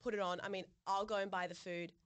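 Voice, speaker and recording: A woman's voice: medium pitch, fast talker, clear, resonant tone. A young adult woman, co-hosting a podcast and telling a story in casual chat. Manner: animated storytelling, swearing, frequent "like". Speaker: podcast co-host.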